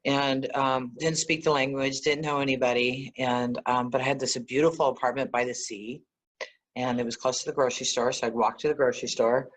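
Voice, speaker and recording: A woman guest, an energy healer, telling stories in a conversational interview, animated and often laughing. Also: rumbling low, brisk. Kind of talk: conversational storytelling.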